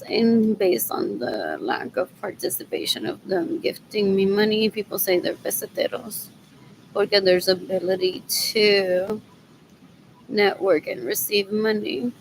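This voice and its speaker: A woman talks in a rambling monologue, circling back on the same words and muttering asides. Her mid-pitched voice has a gravelly fry running through it. A faint hum sits behind her. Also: expressive, a little slow, rough recording. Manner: repetitive, drifting, mutters asides, drops Spanish words. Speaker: vlogger.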